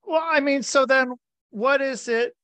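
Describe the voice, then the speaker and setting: Slow-talking podcast host, dry mic. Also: sits high, fairly bright tone, dry recording. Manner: brief agreeing interjections. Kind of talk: casual podcast chat.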